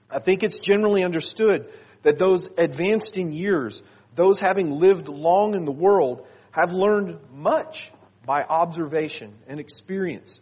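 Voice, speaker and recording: A man preaching a sermon with a husky, somewhat high voice. He talks in an earnest, halting way and often restarts his sentences. The recording sounds dull and lo-fi. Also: a little mellow. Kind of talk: sermon to a congregation.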